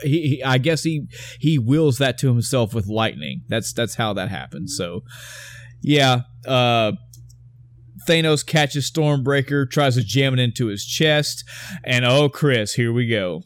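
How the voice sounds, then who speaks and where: A man tells a movie scene to his co-host with mounting excitement and a steady stream of swearing. He acts out his own gasps and cheers as he goes. His voice sits in a middle range, recorded close and dry with no room sound. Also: mid-range voice, unhurried, no echo. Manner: excited, profane storytelling, acts out his reactions. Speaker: podcast co-host. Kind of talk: casual movie recap chat.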